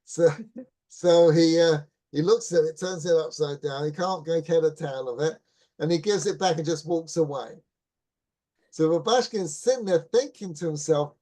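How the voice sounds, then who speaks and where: A middle-aged man with a fairly high but mellow voice, teaching as a rabbi. He tells his story loosely, restarts his phrases and keeps asking his listeners "right?" to make sure they follow. The delivery is warm-toned and conversational rather than formal. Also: unhurried. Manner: relaxed anecdotal teaching with restarts. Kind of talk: Torah class storytelling.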